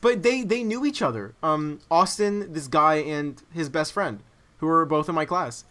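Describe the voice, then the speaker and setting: A man's voice: a little high, expressive, moderate pace, fairly bright tone. A young man hosting a casual podcast chat, telling a rambling story full of fillers. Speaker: podcast host.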